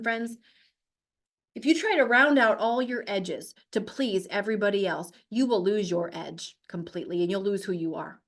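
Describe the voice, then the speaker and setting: A woman host giving a blunt, emphatic motivational talk, firing off rhetorical questions. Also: fairly high pitch. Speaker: host, health coach.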